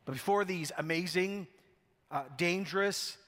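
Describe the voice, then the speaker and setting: A man's voice: sits high, unhurried, a bit bright. A male pastor preaching a sermon, telling a self-mocking story with wry humor before turning to scripture, in a church. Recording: long hall reverb.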